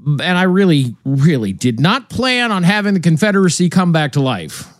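Tired guy hosting a politics podcast, kinda high voice, really lively swings, dry close sound, restarts a lot. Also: moderate pace, no echo. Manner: animated, opinionated, with frequent restarts. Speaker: podcast host. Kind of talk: casual political talk show chat.

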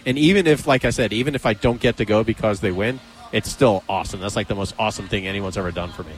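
A man hosting a radio show, chatting casually and excitedly about his team and thanking colleagues. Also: lowish voice, fast talker. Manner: excitable, jokey sports fan. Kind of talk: casual studio banter.

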